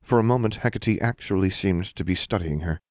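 Male audiobook narrator, very low voice, dry close sound. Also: a little fast, a little mellow, no room sound. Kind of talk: scripted narration.

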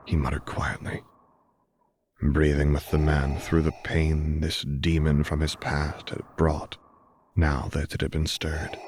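A man narrating a story in a soft, hushed way, his voice sitting extremely low. He takes his time over every phrase. A faint hiss lies under the recording. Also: completely flat delivery. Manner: soft, hushed, slow reading. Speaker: audiobook narrator. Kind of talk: scripted narration of fan fiction.

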